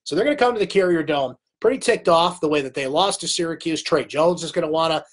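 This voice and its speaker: A man's voice: a little high, fast talker. A man with a cold hosting a live sports recap, talking conversationally and answering viewer comments by name. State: has a cold. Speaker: sports talk host.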